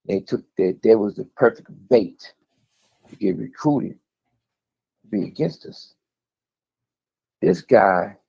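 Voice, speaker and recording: A low-pitched man with a gravelly, husky voice tells a story bluntly and with plenty of profanity. The sound is dull and lo-fi, and his words wander as he talks. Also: a little mellow. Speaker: interviewee speaking from prison. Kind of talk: storytelling recollection.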